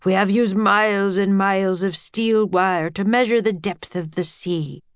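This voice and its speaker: A woman's voice: medium pitch, fairly even intonation, measured pace, smooth, no room sound, lightly acted. Woman doing a jolly old professor, portly, lecturing, dry close voice. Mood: jovial lecturing. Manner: lecturing, pompous yet twinkly. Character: portly jovial older male professor.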